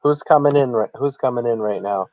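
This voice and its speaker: A man's voice: mid-range voice, a little fast, a little mellow, no echo, dull audio. A man hosting a satirical livestream, speaking in a mock-earnest, theatrically emotional way. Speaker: streamer.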